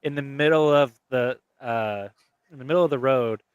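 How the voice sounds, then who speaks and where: A man's voice: medium pitch, normal speed, clean tone, no echo, highs cut off. Man, podcast host, rambling profane storyteller, laughs a lot, dry close sound. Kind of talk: casual storytelling chat.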